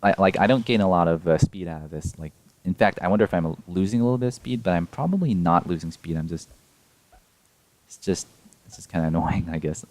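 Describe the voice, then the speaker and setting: A man's voice: low-pitched, fairly quick, a little mellow, dry recording. A young man casually explaining his game run frame by frame, rambling and correcting himself with small laughs. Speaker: speedrun player explaining a tool-assisted run.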